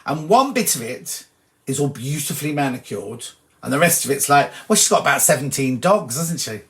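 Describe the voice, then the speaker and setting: A man's voice: medium pitch, big pitch swings, moderate pace, fairly bright tone. A British man hosting a sewing livestream, reading viewers' comments aloud with cheeky, chatty asides. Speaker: host of a sewing show.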